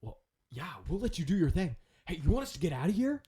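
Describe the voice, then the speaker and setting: A man's voice: high voice, big pitch swings, fast talker, dark tone, slightly rough, pitched above the performer's own voice, full character voice. A man voicing a laid-back male soldier guard who talks in slangy bro speech. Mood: impressed. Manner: slangy, casual, says dude and bro.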